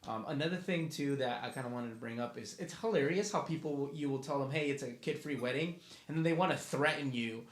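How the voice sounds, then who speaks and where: A man's voice: mid-range voice, brisk. A young man co-hosting a casual podcast, laid-back and mocking as he talks about wedding guests. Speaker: podcast co-host, fiancé. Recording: echoey room.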